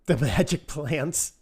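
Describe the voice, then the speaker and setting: A man's voice: fairly high pitch, animated, very slow, a little mellow, husky. A man rambling casually on a live game stream, answering chat and laughing often.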